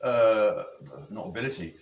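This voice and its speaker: A man rambling and musing as he cooks, with many halting restarts and self-corrections. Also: lowish voice. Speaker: cooking vlogger. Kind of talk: rambling talk while cooking. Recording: roomy, slightly dull audio with faint noise.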